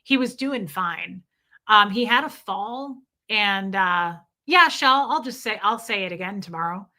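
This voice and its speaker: A woman in her thirties casually telling stories to her viewers, animated and candid, swearing now and then. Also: medium pitch, a little slow. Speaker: vlogger.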